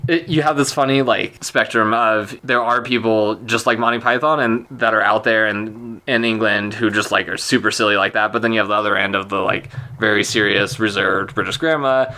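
Playful man with a bright voice. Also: fairly low pitch, fairly even intonation, a little fast, few pauses. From United States. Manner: playful, argumentative, many filler "like"s. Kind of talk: casual chat.

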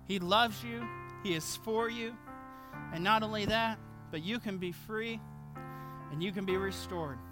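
A man's voice: sits high, measured pace, long pauses, music in the background. A man preaching a sermon as pastor to his congregation, earnest, repeating key phrases with light laughs. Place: church with congregation.

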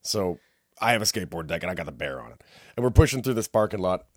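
A man's voice: low voice, fast, no room sound, clean studio sound. A man on a casual podcast, telling a story and acting out the people in it. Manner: animated storyteller who acts out the people in his tale. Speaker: podcast co-host.

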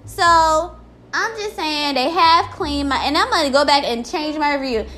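A woman's voice: high voice, normal speed, bright, forceful tone. A woman ranting in a casual vlog, exasperated and full of swearing.

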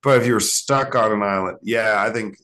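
A man's voice: lowish voice, a little fast, fairly bright tone. A young man co-hosting a podcast, chatting casually and rambling through silly scenarios with frequent laughs. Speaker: podcast co-host.

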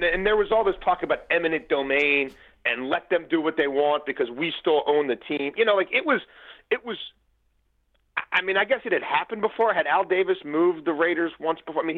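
Speaking a bit quickly in a fairly high voice, this podcast guest, a man in his forties from the Baltimore area, reminisces about sports. His animated, casual storytelling keeps restarting and leaning on fillers, heard over a tinny phone line.

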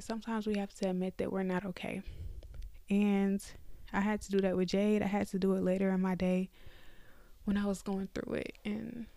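A young woman speaks candidly to her listeners, calling them y'all as she reflects aloud. Her voice is gravelly and mellow, with a fairly flat melody. The sound is dry and close, as though recorded in bed at home. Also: medium pitch, moderate pace, no room sound. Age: young adult. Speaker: podcast host. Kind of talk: faith podcast monologue.

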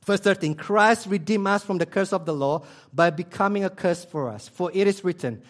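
A man pastor preaching a sermon with passion, repeating key phrases and swinging between loud emphasis and hushed near-whispers. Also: high voice, normal speed. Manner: emphatic repetition, non-native grammar slips.

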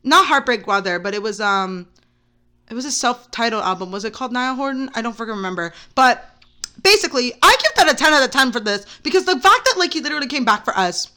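A young woman hosting a solo podcast, telling a story in an excitable, rambling way full of "like". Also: a little high, fast talker. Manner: rambling, excitable, heavy use of "like". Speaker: podcast host. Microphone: camera mic.

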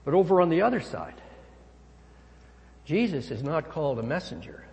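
Male pastor, somewhat high voice, emphatic sermon delivery, long hall reverb. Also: wildly swooping pitch, moderate pace, vocal fry, darkish tone, dull audio. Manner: emphatic, swinging pitch and volume.

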